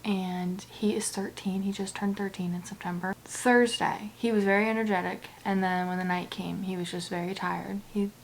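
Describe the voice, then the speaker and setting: Soft-spoken young woman vlogger. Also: mid-range voice, fairly even intonation, slight background noise. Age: young adult. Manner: soft, halting, often near a whisper. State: tearful. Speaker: book vlogger. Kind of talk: casual personal vlog to camera.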